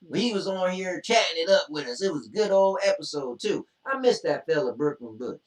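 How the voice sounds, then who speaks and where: A man's voice: high-pitched, big pitch swings, a little fast, recorded from a distance. A man co-hosting a casual chat, reading out questions and spinning boastful joking tall tales. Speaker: co-host. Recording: roomy, away from the mic.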